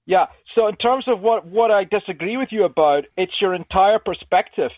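A man's voice: high-pitched, moderate pace, dry recording. A man calling in to a radio show, speaking earnestly and politely. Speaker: caller. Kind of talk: call-in on radio. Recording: tinny phone line.

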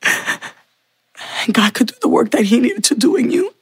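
Female testimony speaker: heartfelt, unhurried, raspy low edge, dry sound. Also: sing-song, dry recording. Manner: earnest, heartfelt storytelling. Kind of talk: personal faith testimony.

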